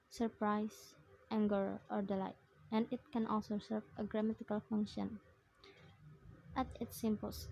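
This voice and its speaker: A young woman student reading her prepared phonetics assignment aloud, in short measured phrases. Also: on the high side, vocal fry, mellow, no room sound, poor audio.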